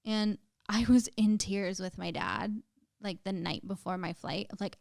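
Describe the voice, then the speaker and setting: A woman's voice: mid-range voice, fairly even intonation, a little slow, creaky, darkish tone, no room sound, studio quality. A young woman, a podcast guest, telling a painful personal story in casual chat, emotional, with lots of "like" fillers and some swearing.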